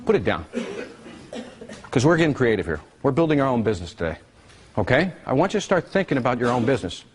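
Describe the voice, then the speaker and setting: A male workshop presenter teaching a live seminar, energetic and constantly quizzing his audience with questions. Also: medium pitch, fast.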